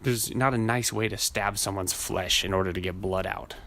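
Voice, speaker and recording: This podcast host speaks at a normal pace in a low-leaning, slightly bright voice with fairly even intonation. His casual chat turns into a meandering, foul-mouthed story where he plays each of the characters.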